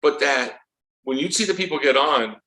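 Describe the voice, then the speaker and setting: A man in his fifties, an author guest telling comic anecdotes with lively acted-out scenes. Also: fairly high pitch, rough recording. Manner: comic, acts out scenes in quick voices. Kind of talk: animated storytelling.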